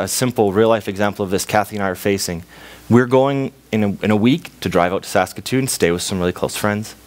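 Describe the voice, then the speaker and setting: Young Canadian man, church sermon, lowish voice, storyteller's delivery. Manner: storytelling, acts out voices in a parable. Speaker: preacher.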